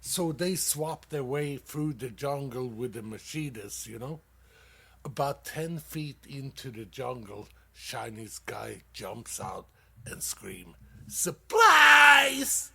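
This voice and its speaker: A man at medium pitch, his voice creaky, with a little hiss or hum in the audio, hosts a comedy show. He tells dad jokes in a halting, profane, casual way, leaning on fillers and laughing loudly whenever he lands a punchline.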